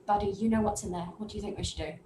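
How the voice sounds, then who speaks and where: A gruff, protective father speaking low, quiet and steady, as a woman acts him out. An echoey room rings around him. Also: rapid-fire, recorded from a distance, a little hiss or hum, natural voice.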